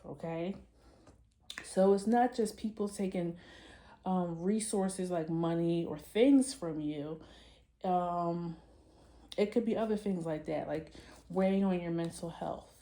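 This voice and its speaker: Woman tarot reader, lowish warm voice, loose chatty musing to camera. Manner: chatty, loose and musing, addresses viewers directly. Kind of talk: casual tarot reading to camera.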